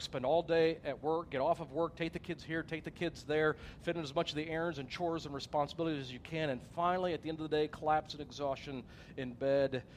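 A male pastor preaching a sermon in a plain, conversational way, earnest and personal. His voice sits a little higher than most men's, and a faint hiss runs under it.

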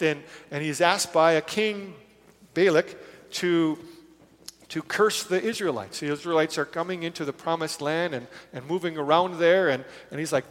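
A man preaching a conversational sermon, retelling scripture in a casual way and briefly acting out its characters. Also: a little high. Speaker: pastor. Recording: long reverb of a large hall.

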